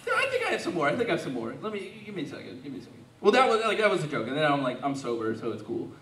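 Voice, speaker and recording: A young man doing a stand-up set, his voice a bit high and swinging lively up and down as he rambles through the bit with restarts and fillers. He is recorded from a distance in a roomy, echoing club. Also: a little hiss or hum. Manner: rambling, halting delivery full of likes and restarts. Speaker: stand-up comedian. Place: comedy club stage.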